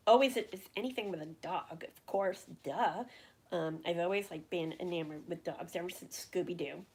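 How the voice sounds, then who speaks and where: A husky, medium-pitched voice belongs to a middle-aged woman hosting a casual livestream. She answers viewers in a rambling way, with frequent fillers and restarts, and talks frankly about what she's feeling.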